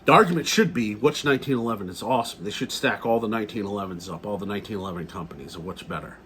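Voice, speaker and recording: Blunt middle-aged male vlogger, low voice, profane and repetitive, faint background hiss. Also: racing, a bit bright. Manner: blunt, profane, repeats himself. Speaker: gun vlogger. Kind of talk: casual ranting vlog.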